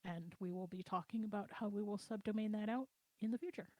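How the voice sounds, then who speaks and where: A woman co-hosting a casual livestream chat, explaining plans in a relaxed, conversational way from home over a voice call. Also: mid-range voice, fast talker, no room sound. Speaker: project co-owner and co-host. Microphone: computer mic on a voice chat.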